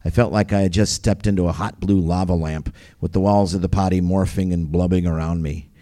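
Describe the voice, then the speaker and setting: A man's voice: low-pitched, fairly even intonation, a little fast, mellow. A man reading his own first-person memoir aloud as a storyteller, vivid, wry and gritty.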